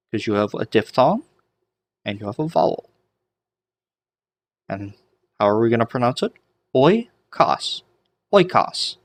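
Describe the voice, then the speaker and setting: A man giving an online lesson on ancient Greek pronunciation, explaining in a chatty way with homemade memory tricks. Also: mid-range voice. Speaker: Greek teacher.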